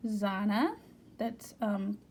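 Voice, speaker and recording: A woman's voice: medium pitch, drawn-out words, a little mellow. An American woman teaching German, reading German from a textbook aloud and explaining each word plainly in English. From United States. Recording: faint background noise.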